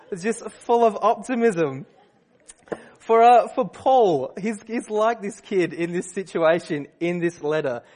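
A man preaching a sermon, telling a story in a relaxed, conversational way with fillers and restarts. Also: high voice.

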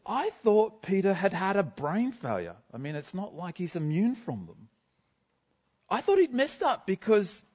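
A man playing a bubbly apostle speaks to a congregation in a chatty, self-deprecating way. His voice sits a little high and swings animatedly up and down. The sound is dull and lo-fi. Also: a little mellow, breathy edge, full character voice. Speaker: guest speaker. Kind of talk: first-person character sermon. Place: school gym.

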